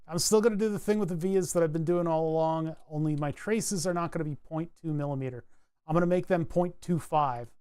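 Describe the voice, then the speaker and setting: A man's voice: a little high, fairly quick, a little mellow, clear, resonant tone. A man chatting casually on a live stream while designing a circuit board, rambling with wry asides and frequent self-corrections.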